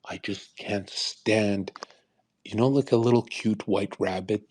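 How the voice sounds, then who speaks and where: Young male host, low-pitched, provocative and preachy, talking off the cuff on a call. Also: steady tone, slow, a little mellow, breathy edge. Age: young adult. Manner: provocative, crude, lecturing. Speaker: speaker on a live audio call. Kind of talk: unscripted preachy monologue. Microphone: online voice call.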